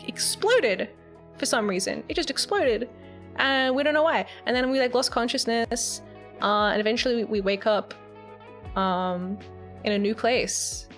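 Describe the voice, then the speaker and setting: Chatty higher-voiced woman streamer. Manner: chatty, giggly storytelling. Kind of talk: casual game recap. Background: faint background music.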